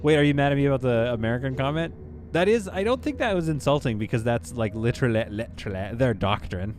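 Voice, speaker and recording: A man's voice: medium pitch, expressive, fast, a little mellow, a little hiss or hum. A man streaming a game live, chatting casually, laughing often and reading viewer comments aloud.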